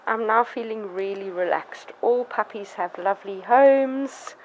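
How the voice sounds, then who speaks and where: A woman's voice: a little slow, few pauses, a little hiss or hum, low-quality recording. A woman talking casually in a vlog about her puppies, outdoors in a garden with dogs around. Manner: chatty, warm toward the puppies, with sudden squeaky baby-talk to dogs. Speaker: dog breeder. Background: dogs barking now and then.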